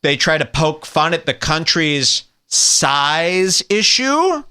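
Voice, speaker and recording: Bright, mock-outraged man ranting. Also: a little high, big pitch swings, slow, hardly any pauses, clean tone. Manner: mock-outraged, sarcastic, profane. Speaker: podcast host. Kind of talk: ranting comedy podcast.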